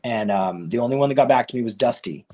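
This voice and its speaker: A man, a professional wrestler, telling his career story in a casual, animated way and acting out what others said. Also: fast talker, a little hiss or hum. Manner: animated, acts out quoted people with raised pitch; loose and conversational, many fillers like "like" and "you know".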